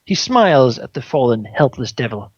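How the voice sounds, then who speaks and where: Game master, storytelling read-through, halting restarts, dry lo-fi sound. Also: male voice, medium pitch, sing-song, slightly rough, no echo. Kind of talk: reading prepared scenes to players.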